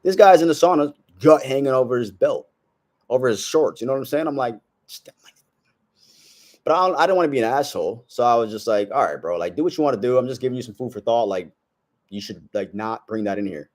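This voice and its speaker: This young vlogger's medium-pitched, darkish voice moves briskly with lively intonation. Speaking casually to camera, he spins a slangy, brash story, drops "bro" constantly, and gives blunt self-improvement advice.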